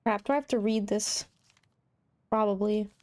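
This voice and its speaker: A woman's voice: mid-range voice, normal speed. Chatty young woman game streamer. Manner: chatty, animated, rambling with restarts. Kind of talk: casual gameplay commentary and reading aloud.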